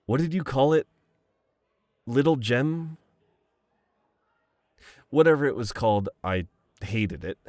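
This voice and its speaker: A man's voice: medium pitch, animated, slow pace, pauses often, a little mellow, no room sound, clean studio sound. A young man playing a boyfriend in a romantic voicemail role-play, reminiscing fondly, laughing often and swearing casually.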